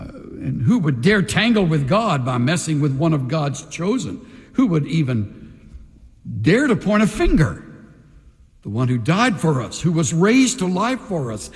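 A man preaching a sermon as pastor, emphatic, with slow dramatic pauses between phrases. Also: on the high side, big pitch swings. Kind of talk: sermon with altar call. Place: large church sanctuary. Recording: long reverb in a large hall.

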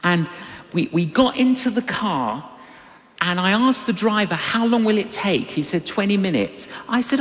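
An older man with a high-pitched voice preaches a sermon at a measured pace, telling a personal story with animation and acting out the voices of the people he quotes. The long reverb of a large hall surrounds the recording.

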